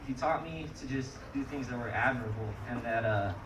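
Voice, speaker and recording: A man's voice: medium pitch, fairly quick. Man sharing a memorial anecdote, casual and rambling, heavy background noise, far off. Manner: loose storytelling with lots of fillers. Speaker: speaker at a memorial. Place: outdoor skatepark crowd gathering. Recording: distant echoey mic with loud crowd noise.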